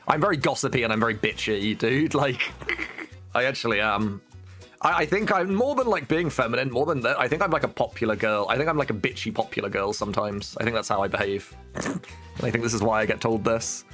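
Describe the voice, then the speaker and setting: A man's voice: medium pitch, expressive, fairly quick, fairly bright tone, soft background music. A man streaming a game, chatting casually in a rambling, joking way and swearing often. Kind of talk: casual gameplay chat.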